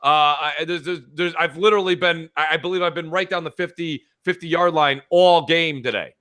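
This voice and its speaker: A man co-hosting a gaming podcast, talking in an animated, rambling way. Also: a little high, moderate pace. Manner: animated, reads chat aloud, fills with uh. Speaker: podcast co-host. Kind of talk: casual gaming podcast chat.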